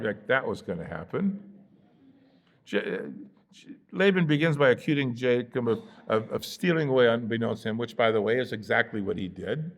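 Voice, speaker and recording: Gravelly-voiced American pastor teaching scripture. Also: male voice, mid-range voice, big pitch swings, moderate pace. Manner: conversational, with fillers and playful asides acting out the characters. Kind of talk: Bible study teaching. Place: church sanctuary.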